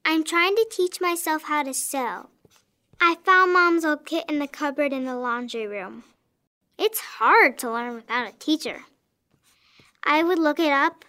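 A woman's voice: high-pitched, bright, forceful tone. A woman playing an anxious young girl who writes earnest letters to her best friend in an audio drama. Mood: hopeful. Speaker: letter-writing child character.

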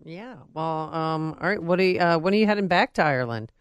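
Smooth-voiced woman radio host. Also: low voice, lively intonation, no echo. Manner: easygoing, brisk, bantering. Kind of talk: talk radio hosting.

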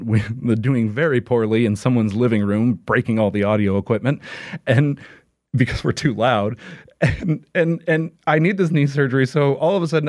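A man's voice: mid-range voice, no room sound, clean studio sound. A man as an interview guest, chatting casually in a rambling way, with many restarts and filler words. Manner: rambling, full of "like" and restarts, laughs often.

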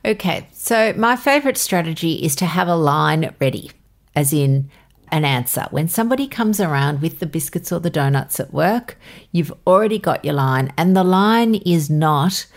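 A woman's voice: sits low, animated, moderate pace. A middle-aged woman co-hosting a casual advice podcast, practical and assertive with playful asides. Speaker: podcast co-host.

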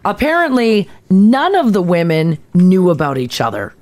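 Animated woman co-hosting a morning show. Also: lowish voice, moderate pace. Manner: lively, animated storytelling. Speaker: radio show co-host. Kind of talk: casual morning show chat.

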